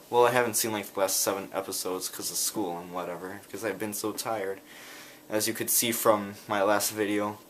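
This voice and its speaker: A man telling a rambling story in a casual vlog, talking in quick bursts. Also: on the low side, fairly bright tone, a little hiss or hum. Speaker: vlogger.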